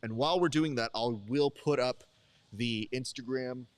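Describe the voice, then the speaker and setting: A man's voice: medium pitch, normal speed, clean tone, dry recording. A male host rambles and jokes his way through a live stream, talking straight to the chat between bites at a busy desk. His voice sits in a middle register, and the sound is dry and close, with almost no room. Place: desk at a live event broadcast.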